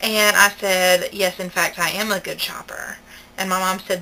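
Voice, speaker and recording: A woman's voice: mid-range voice, fairly even intonation, normal speed, gravelly, pushed and bright, slight background noise, poor audio. A young woman with a Southern American accent, telling a story in a chatty, indignant way for her vlog. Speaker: vlogger.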